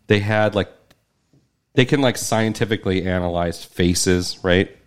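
A man hosting a casual podcast chat. He sounds relaxed and keeps steering the talk to the next topic. His voice sits low. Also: unhurried, clean tone. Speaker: podcast host.

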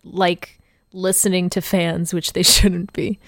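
A woman's voice: on the low side, little pitch movement, slow, fairly bright tone, no room sound. A woman co-hosting a podcast in casual chat, playful and teasing, often laughing at her own jokes. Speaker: podcast co-host.

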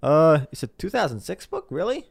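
Young male commentator, lively pitch, gravelly edge, dry close sound, sarcastic and rambling. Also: moderate pace, no echo. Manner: sarcastic, rambling, mocks people in put-on voices. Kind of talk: casual news commentary monologue.

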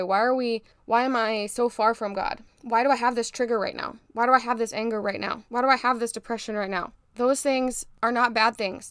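A woman's voice: a little high, clean tone, dry recording, studio quality. A young woman hosting a faith-based motivational podcast, talking in an emphatic, preachy, fired-up way to her listeners. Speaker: podcast host.

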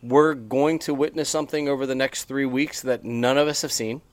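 A man's voice: medium pitch, steady tone, normal speed, no echo. Chatty man co-hosting a podcast. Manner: chatty, rambling with restarts. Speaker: podcast co-host. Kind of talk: casual podcast chat. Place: on a porch.

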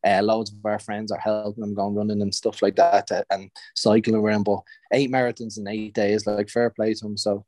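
A man's voice: on the low side, level tone, fairly quick, hardly any pauses. A young man with a Dublin accent, a footballer chatting casually as a podcast guest, laughing often. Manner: chatty, laughs often, gives shout-outs.

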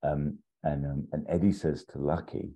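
Man, casual rambling storyteller. Very deep and dark-toned, dull lo-fi recording. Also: level tone, moderate pace, slightly rough. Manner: rambling, many fillers and restarts, acts out quotes. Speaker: podcast co-host pitching a story.

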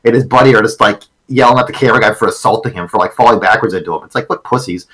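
A man co-hosting a podcast in casual chat, telling stories haltingly with repeated words and casual swearing. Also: on the low side, fairly bright tone, low-quality recording. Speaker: podcast co-host.

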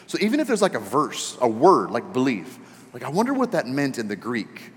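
A man preaching a sermon as pastor, animated and joking, building to emphatic questions. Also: mid-range voice, brisk, slight background noise. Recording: long hall reverb.

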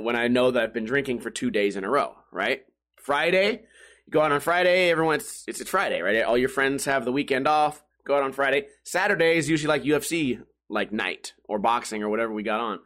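Profane, rambling podcast guy, slightly high. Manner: animated, jumpy delivery. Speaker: podcast host. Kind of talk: casual comedic monologue.

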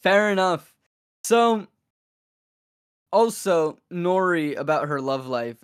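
A man's voice: fairly high pitch, steady tone, measured pace, pauses often, clean tone. A man guesting on a podcast, joking dryly in casual chat about a film. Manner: playful, dry joking.

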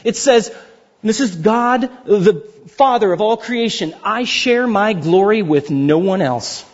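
Man preaching in a loose, humorous style; high and husky voice, dull recording. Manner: conversational, jokey preaching with playful acted quotes. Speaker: pastor. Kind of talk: sermon.

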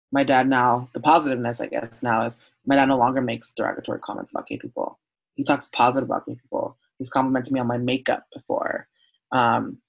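Gravelly-voiced man sharing openly. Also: mid-range voice, poor audio. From Southern California, USA. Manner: open, heartfelt storytelling with frequent "um" and "like". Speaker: podcast guest. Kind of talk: candid conversational interview.

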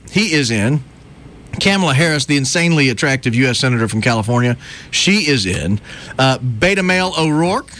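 A man's voice: fairly high pitch, a bit bright. A man hosting a radio talk show, reading out news with sarcastic jokes and frequent laughter. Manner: sarcastic, jokey, laughs often. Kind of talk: casual radio banter.

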